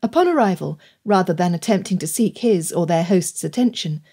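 A woman narrating an audiobook in a measured, even storytelling delivery. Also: on the low side, slightly rough. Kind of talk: scripted narration.

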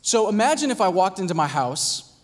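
A pastor preaching a sermon in a conversational way, acting out little scenes and asking "right?" and "Amen?". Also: male voice, sits high, very animated, fairly quick. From United States. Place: church hall.

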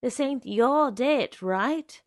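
A woman's voice: sits high, animated, extremely slow, no room sound, studio quality, pitched above the performer's own voice, full character voice. A woman reading aloud, voicing a pushy young man who coaxes and threatens by turns. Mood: rapid, bossy. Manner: wheedling and pushy, slipping into threats. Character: menacing young man, smooth-talking stalker.

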